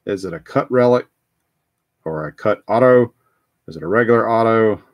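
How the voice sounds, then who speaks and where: Low-voiced guy rambling through a card break, lots of ums, dry close sound. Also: normal speed, dry recording, highs cut off. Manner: rambling, chatty, many ums and restarts. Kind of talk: casual live card-break chat.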